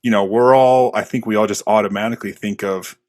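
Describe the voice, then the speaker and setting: A man's voice: on the low side, fairly even intonation, fast talker, a little mellow. A male podcast host who sums up and affirms his guest's points, thinking aloud in a casual way. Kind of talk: casual interview chat.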